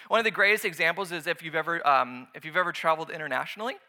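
A man preaching a sermon, lively and conversational, acting out voices when he tells stories. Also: fairly high pitch, rapid-fire, hardly any pauses. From United States. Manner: animated, acts out voices in anecdotes. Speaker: pastor.

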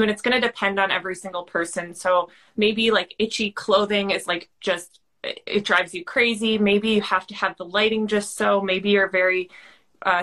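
A woman's voice: medium pitch, fairly bright tone. Chatty woman explaining, full of "like". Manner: chatty, lots of "like" fillers, earnest. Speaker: guest expert on high sensitivity. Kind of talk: casual conversational explanation.

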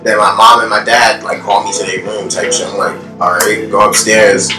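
Young man, New York accent, slangy laughing storyteller, roomy off-mic sound, loud music behind. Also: fairly low pitch, steady tone, moderate pace, recorded from a distance. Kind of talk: casual chat.

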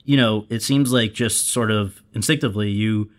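A man hosting an interview, asking measured questions and reading out quotes, with frequent short affirmations. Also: lowish voice. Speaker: interviewer host.

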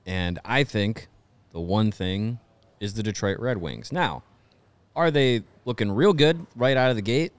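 A man with a low, clear voice co-hosting a casual sports podcast. He makes dry, wry remarks as he weighs up the teams. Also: unhurried, no room sound. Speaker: podcast co-host.

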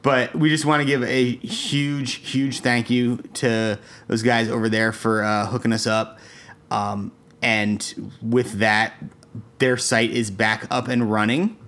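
A young man with a mid-range voice explains his view on a sports podcast. He is measured and analytical. He often pauses with "um" and restarts his sentences. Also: medium pitch, level tone, fairly bright tone. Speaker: podcast co-host. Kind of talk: casual sports podcast chat.

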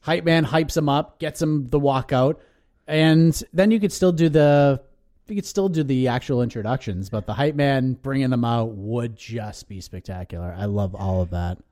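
A man co-hosting a casual podcast, talking in animated bursts and ranting with excitement. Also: mid-range voice, moderate pace. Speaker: co-host.

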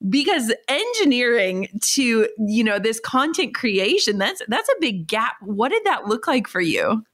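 A woman's voice: on the high side, very animated, a little slow, fairly bright tone. A woman hosting a podcast who asks her guest questions in an eager, enthusiastic way. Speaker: podcast host. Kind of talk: podcast interview.

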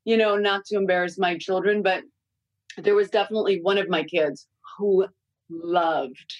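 Brief: woman, forties, blunt and candid podcast guest who swears freely, mid-pitched voice, dry close mic. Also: steady tone, moderate pace, no room sound, muffled recording. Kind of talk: casual podcast chat.

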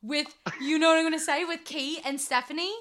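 A woman co-hosting a podcast, telling stories in an excitable, giggly way. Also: sits high, fairly quick. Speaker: podcast co-host. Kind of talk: casual podcast chat.

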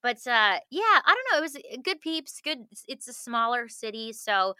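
A woman's voice: on the high side, very animated, normal speed, pushed and bright, smooth, dry recording, clean studio sound. A woman from Canada, talking casually as a guest, chatty and laughing, with frequent restarts. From Manitoba, Canada. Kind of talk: casual conversation.

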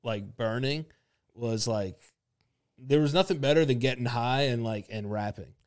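A man's voice: mid-range voice, moderate pace, a little mellow. A man in his thirties co-hosting a podcast, talking in a laid-back, rambling way with lots of filler words. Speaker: podcast co-host. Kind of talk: casual chat.

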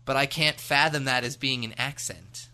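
A man's voice: medium pitch, moderate pace, sharp tone. An American man co-hosting a podcast, chatting casually in a rambling, jokey way with many fillers. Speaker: podcast co-host. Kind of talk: casual chat.

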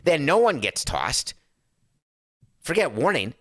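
A middle-aged man with a hoarse voice, ranting emphatically and sarcastically as a sports talk show host. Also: fairly high pitch, big pitch swings, slow pace, a bit bright, no room sound. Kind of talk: impassioned talk-show rant.

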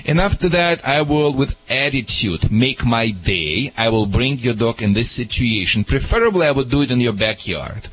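A man's voice: mid-range voice, animated, moderate pace, hardly any pauses, a bit bright, breathy edge, rough recording. Emphatic man giving dog training advice. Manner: emphatic, joking, confident. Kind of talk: radio call-in advice.

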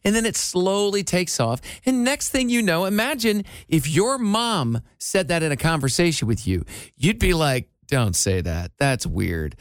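A man's voice: high-pitched, sing-song, moderate pace, dry recording. A man hosting a radio show, chatting casually with wry, rambling, self-deprecating complaints on a studio microphone. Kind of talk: casual on-air banter.

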